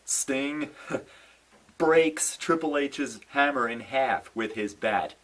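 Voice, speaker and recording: A young man rants in a casual, exasperated way, sighing and piling up his complaints. His voice sits at an ordinary middle pitch, and he keeps circling back to stress how let down he feels. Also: slow pace, recorded from a distance, poor audio. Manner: exasperated, animated ranting with sighs and repeated "no"s. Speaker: wrestling fan vlogger. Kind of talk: casual ranting commentary.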